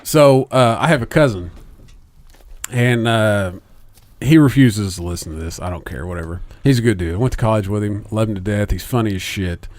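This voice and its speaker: A man's voice: fairly low pitch, normal speed, a little mellow. A man, podcast co-host, telling a long story in casual chat, rambling and swearing a lot.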